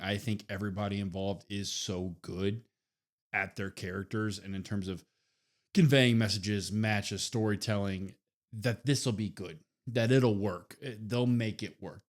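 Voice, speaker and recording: A man's voice: on the low side, unhurried. A man co-hosting a wrestling podcast, giving his opinions in a casual, musing way. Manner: thoughtful, musing, with steady "mm-hmm" backchannels.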